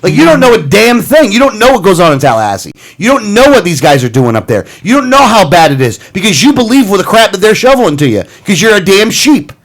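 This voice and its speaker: Animated high-voiced male radio host ranting. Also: quick pace, few pauses. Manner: animated, ranting, self-interrupting with laughs. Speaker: radio talk show host. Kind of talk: political talk radio banter and rant.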